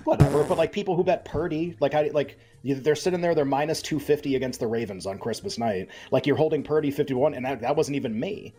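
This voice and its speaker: A man co-hosting a sports betting podcast, talking in a casual, animated and sarcastic way with lots of fillers. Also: a little high, fast, hardly any pauses. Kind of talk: casual chat.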